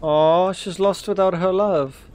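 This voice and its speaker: A man giving casual gameplay commentary in an excitable, jokey way. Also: high-pitched, slow, slight background noise. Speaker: gamer.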